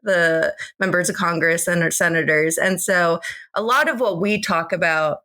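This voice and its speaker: An American woman co-hosting a podcast in casual chat, bubbly and quick to laugh. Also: fairly low pitch, sharp tone. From United States. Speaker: podcast co-host.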